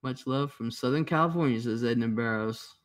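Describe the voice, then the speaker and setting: A man's voice: mid-range voice, brisk. A man hosting a casual livestream, greeting chatters by name and reading their comments out in a laid-back, rambling way. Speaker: livestream host. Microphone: headphones and computer mic.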